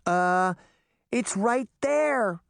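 A man voicing an excitable little girl, eager and chattery, in an audiobook. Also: on the high side, moderate pace, no room sound, studio quality, voice pushed up, natural voice. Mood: alarmed.

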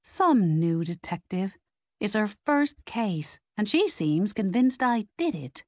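A woman voicing a stressed young woman baker who sounds strained and forces brightness on the phone. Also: medium pitch, big pitch swings, slow, no room sound, clean studio sound, pitched above the performer's own voice. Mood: worried.

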